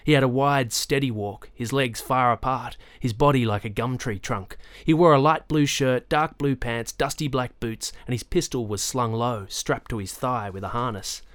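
A medium-pitched male audiobook narrator reads a novel aloud as scripted narration. His storytelling is measured and even, in a dry recording.

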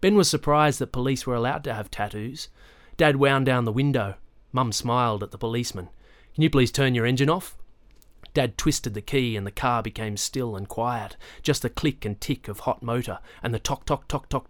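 An audiobook narrator, male and medium-pitched, reads scripted narration from a novel in an even, measured storytelling style. No room sound can be heard.

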